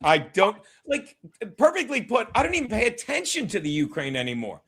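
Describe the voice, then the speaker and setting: Loud joking man, high bright voice. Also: huge pitch swings, brisk, husky. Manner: loud, emphatic, jokey, often shouting punchlines. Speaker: podcast host. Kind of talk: casual political chat.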